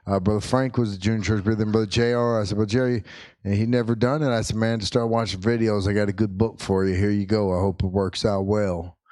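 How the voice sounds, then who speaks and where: A middle-aged man, a pastor, telling a funny family story from the pulpit, jumping into high excited yelps as he acts out what people said. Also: quick pace, dry recording. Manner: animated, acts out quotes with sudden high-pitched yelps. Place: church sanctuary.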